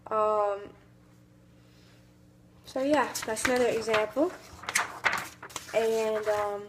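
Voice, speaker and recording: A woman's voice: fairly high pitch, steady tone, extremely slow, heavy background noise. Young Southern woman giving a class speech. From American South. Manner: hesitant, many fillers, mimics accents briefly.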